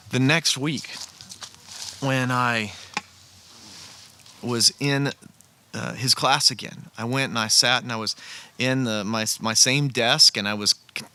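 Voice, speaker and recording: A man's voice: mid-range voice, pushed and bright. A man telling a personal story in an earnest, conversational way, sitting outdoors beside a campfire. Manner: earnest, conversational, with frequent restarts. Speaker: storyteller sharing a personal testimony. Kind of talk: casual spoken storytelling.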